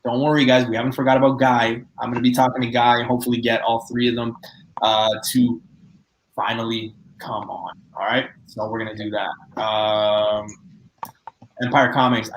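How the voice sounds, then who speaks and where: A man's voice: medium pitch, flat delivery, moderate pace. Man, podcast host, casual chat, filler-heavy, roomy echo, faint hiss. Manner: loose, chatty, full of fillers. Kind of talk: casual live-stream chat. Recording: echoey room with faint noise.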